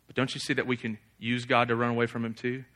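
A young man preaching a sermon, animated, often acting out a figure's angry prayer in a loud raised voice. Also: mid-range voice, fast talker.

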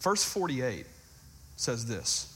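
A man's voice: medium pitch, wildly swooping pitch, takes it slowly, sharp tone. A man preaching a casual, conversational sermon, reading scripture aloud with emphasis and talking about it.

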